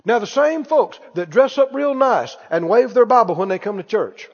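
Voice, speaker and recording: A man preaching a lively sermon, calling out to the congregation and acting out anxious voices. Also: high-pitched, normal speed. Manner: animated, calls for responses, acts out worried voices. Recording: dull echoey hall recording.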